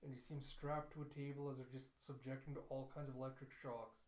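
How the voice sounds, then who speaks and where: A man's voice: medium pitch, level tone, fast. A young man giving a casual, chatty recap of an anime episode as a reviewer, retelling scenes line by line. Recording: roomy echo.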